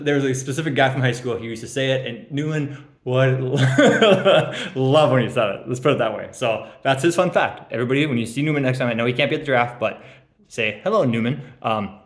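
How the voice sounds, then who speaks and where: A man's voice: medium pitch, roomy sound. A young man roasting his fantasy league friends as he hands out draft grades, teasing and rambling, with lots of ums and laughs at his own jokes. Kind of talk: joking casual roast.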